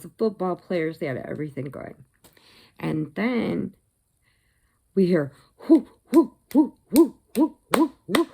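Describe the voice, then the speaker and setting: Woman, middle-aged, gravelly, mellow, unhurried, casual storytelling vlog. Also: mid-range voice. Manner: animated, laughs at her own stories. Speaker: crochet vlogger.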